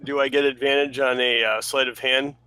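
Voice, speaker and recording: Male player, mid pitch, bright tone, hesitant questioning delivery. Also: level tone, a little fast, smooth, no echo. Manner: hesitant, asks rule questions with restarts. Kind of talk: casual chat at a tabletop game.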